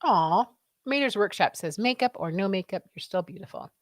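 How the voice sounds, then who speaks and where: A woman's voice: mid-range voice, expressive, normal speed, no room sound. A woman co-hosting a casual livestream, chatting and reading viewer comments aloud. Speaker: livestream co-host reading chat. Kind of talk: casual chat.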